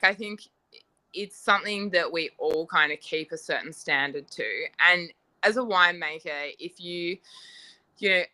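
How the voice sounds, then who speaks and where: A woman's voice: fairly low pitch, sharp tone. A woman winemaker, chatting casually as an interview guest and telling stories with lots of "like" and acted-out quotes.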